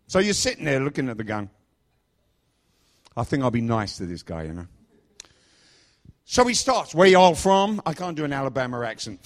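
A middle-aged man from England preaching in a chatty, joking storytelling style. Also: medium pitch. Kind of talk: storytelling sermon.

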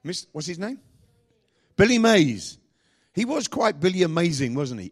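A man pastor preaching a sermon, asking the congregation repeated questions and speaking with lively emphasis. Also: high voice, moderate pace, pauses often, husky.

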